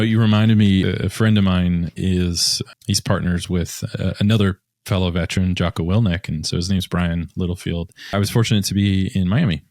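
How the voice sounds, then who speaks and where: Deep-voiced admiring podcast host. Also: male voice, darkish tone, no room sound, clean studio sound. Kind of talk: casual interview talk.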